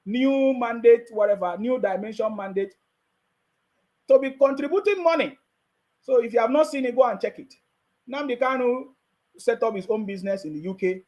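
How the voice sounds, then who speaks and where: A man's voice: high-pitched, a little mellow, poor audio. A man with a Nigerian accent giving mocking, casual live-stream commentary and laughing often.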